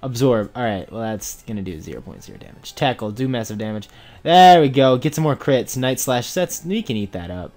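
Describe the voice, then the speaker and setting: A young man giving let's play commentary on a game, excitable and swinging from mumbles to shouts. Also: mid-range voice, fairly quick. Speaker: gamer playing a Pokemon randomizer.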